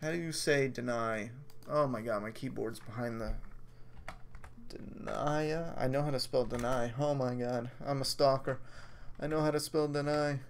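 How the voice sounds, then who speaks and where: A man's voice: mid-range voice, moderate pace, creaky, a little hiss or hum. A man with a mid-range voice hosts a casual live stream from home. He rambles loosely, swears often and laughs at his own slip-ups. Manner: rambling, profane and self-mocking. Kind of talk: casual live review chat. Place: at home during a storm.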